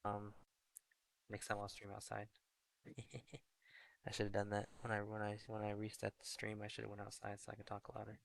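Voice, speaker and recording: A young man streaming a fantasy football update in casual chat, talking low and half-whispered in a hallway indoors. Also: monotone, a little fast, creaky. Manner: low, half-whispered talk, chatting with viewers.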